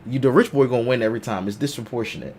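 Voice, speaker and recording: A man's voice: mid-range voice, very fast, slight background noise. A man hosting a casual live chat show, joking and telling stories in a loose, slangy way. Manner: animated storyteller, slangy and joking. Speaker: podcast host.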